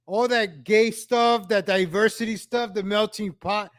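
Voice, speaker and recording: Man, high voice, unhurried delivery; exasperated reaction streamer who repeats himself. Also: fairly even intonation, fairly bright tone. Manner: exasperated, ranting, repeats phrases. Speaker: streamer reacting to old street footage. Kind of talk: reaction commentary.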